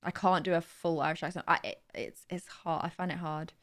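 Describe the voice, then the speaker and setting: A woman's voice: low-pitched, steady tone, fairly quick, a bit bright. A young woman hosting a livestream, chatting casually and answering viewers' questions with frequent laughs. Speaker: livestream host.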